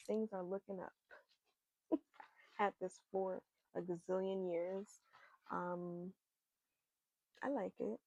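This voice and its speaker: A woman doing an oracle card reading, giving gentle, earnest encouragement that repeats its key words. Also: medium pitch, no room sound, poor audio. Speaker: spiritual card reader.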